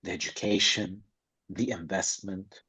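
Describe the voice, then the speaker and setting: A man's voice: deep voice, fairly even intonation, measured pace, pushed and bright, husky. A man speaking as a podcast guest about acting, blunt and emphatic in a streetwise way. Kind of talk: casual interview chat. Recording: slightly dull lo-fi sound.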